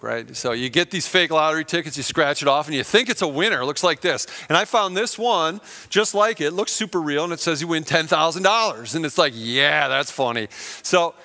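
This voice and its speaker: A middle-aged man preaching a sermon, telling a personal story and acting out the lines of the people in it with big swings in loudness. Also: medium pitch. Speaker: pastor.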